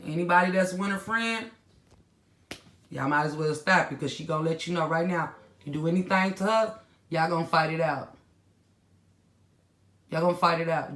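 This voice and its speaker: This commentary-channel host is a woman whose voice sits on the low side with a fairly bright tone, heard in a roomy space. Speaking directly to viewers in blunt slang, she delivers casual reaction commentary, scolding them and then winding down.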